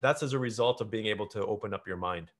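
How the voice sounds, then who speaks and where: A man's voice: lowish voice, quick pace. A man hosting a podcast in a casual conversation, earnestly advising his listeners directly. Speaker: podcast host.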